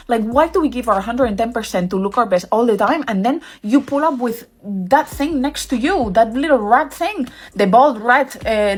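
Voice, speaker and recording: A woman's voice: mid-range voice, slightly rough. A woman talking bluntly and mockingly in a casual, exasperated opinion video.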